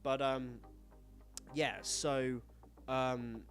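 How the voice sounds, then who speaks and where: A man's voice: mid-range voice, normal speed, fairly bright tone, faint music behind. A man talking casually and frankly as host, swearing often and rambling through stories with lots of fillers. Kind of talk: casual solo chat, rambling storytelling.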